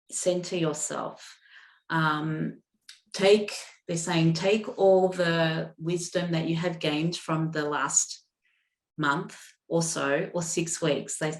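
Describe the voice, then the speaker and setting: A woman doing a live intuitive card reading, with a soft, halting way of talking, full of fillers and restarts, and moved to emotion. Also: low-pitched, reverberant. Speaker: intuitive reader.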